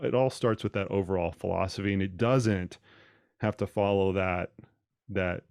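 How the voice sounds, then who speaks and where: A man's voice: deep voice, creaky, darkish tone, dry recording, clean studio sound. A man hosting a podcast and talking casually about training, thinking aloud and often repeating words. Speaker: podcast host and running coach.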